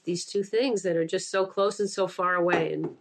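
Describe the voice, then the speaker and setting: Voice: mid-range voice, fairly even intonation, moderate pace, gravelly, a little hiss or hum. A co-host chatting casually, reflective and fond of paired phrases. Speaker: podcast co-host. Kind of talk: casual conversational chat.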